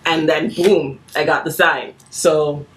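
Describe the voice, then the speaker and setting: A woman in her thirties, a podcast guest in casual chat, earnest and animated, laughing easily. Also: low-pitched, takes it slowly. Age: 30s.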